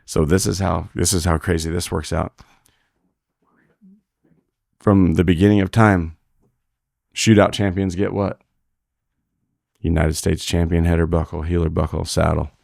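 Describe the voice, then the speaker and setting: A man's voice: deep voice, steady tone, a little slow, vocal fry, pauses often, a little mellow, dry recording, clean studio sound. A man who is a rodeo roper and father, a podcast guest telling blunt, profane stories full of quoted dialogue in a casual interview.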